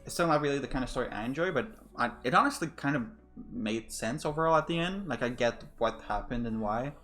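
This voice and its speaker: A man's voice: mid-range voice, lively intonation, quick pace, a bit bright. Casual let's-play guy, rambling and swearing, game music under him. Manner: rambling, swearing, many fillers and restarts. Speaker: streamer.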